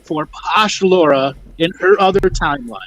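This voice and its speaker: A man's voice: fairly high pitch, normal speed, fairly bright tone, poor audio. A man hosting a spiritual teaching talk, guiding the guests and checking in with "okay?". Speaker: host and teacher.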